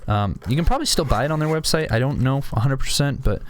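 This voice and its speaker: A man's voice: mid-range voice, animated, fast, a little hiss or hum. A young man with a sore throat, rambling casually at his desk about items he collects, full of restarts and fillers. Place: home room at a desk.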